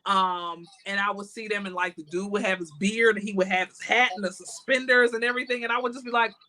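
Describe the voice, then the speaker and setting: A woman's voice: mid-range voice, fairly even intonation, quick pace, sharp tone, slight background noise. A woman from the United States co-hosting a podcast, chatting casually and expressively and acting out her own reactions with laughs. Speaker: podcast co-host. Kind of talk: casual chat.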